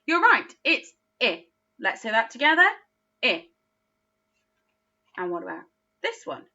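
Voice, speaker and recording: A woman teaching a phonics lesson to young children, speaking slowly with exaggerated, encouraging praise. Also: fairly high pitch, very animated, creaky, pushed and bright, dull audio. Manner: slow, encouraging, sing-song teacher talk with exaggerated praise. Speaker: early years teacher.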